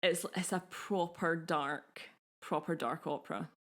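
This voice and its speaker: A woman's voice: low voice, steady tone, unhurried, a bit bright. A young woman co-hosting a podcast, talking in an easy, enthusiastic way and laughing often. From Scotland. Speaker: podcast co-host. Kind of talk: casual podcast chat.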